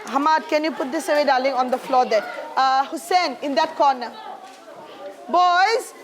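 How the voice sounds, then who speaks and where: A woman's voice: sits high, moderate pace, a faint crowd. A woman teaching a primary school science class, encouraging her pupils and calling them darling as she leads a clean-up and a discussion.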